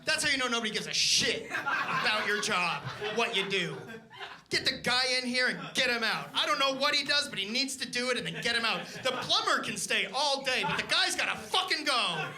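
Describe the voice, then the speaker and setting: A man's voice: very high voice, fairly quick. A young man from Canada doing a stand-up comedy set, telling stories with acted-out voices. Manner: animated storytelling with acted-out voices. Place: comedy club stage. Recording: live club recording with crowd. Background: audience laughter.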